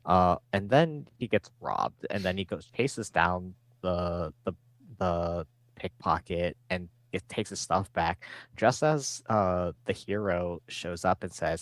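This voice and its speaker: Man, low voice, dry close sound, casual podcast recap, rambling with fillers. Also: slow pace, no room sound. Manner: rambling, filler-heavy, acts out quotes. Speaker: podcast co-host.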